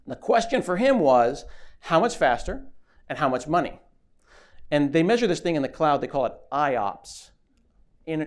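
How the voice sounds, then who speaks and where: Animated, joking man giving a keynote. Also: mid-range voice. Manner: animated, joking, acts out voices. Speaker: keynote speaker. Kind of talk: comic conference keynote. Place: conference stage before an audience.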